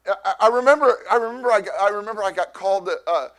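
A middle-aged man, a pastor, telling a personal story in a sermon, loud and animated, with lots of restarts. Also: sits high, racing.

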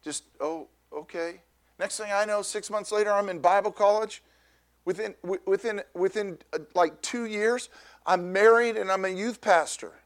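A middle-aged man preaches, his voice sitting high for a man. He tells a personal story loudly and with animation, often restarting his sentences as he goes. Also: moderate pace. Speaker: pastor. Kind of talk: storytelling sermon.

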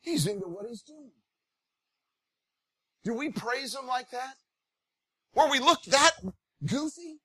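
High, bright-voiced preaching man. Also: takes it slowly, pauses often, breathy edge, no room sound. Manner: animated, rising to shouts of praise; folksy, conversational preaching. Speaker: pastor. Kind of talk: sermon.

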